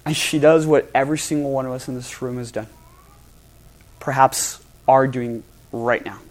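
A male pastor preaching a sermon to a congregation, swinging between loud emphasis and hushed, soft passages. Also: medium pitch, steady tone, moderate pace. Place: church hall before a congregation.

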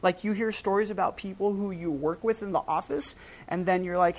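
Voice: mid-range voice, steady tone, fairly quick, low-quality recording. A preacher giving a casual, conversational sermon, using slang and acting out quoted lines with a raised voice.

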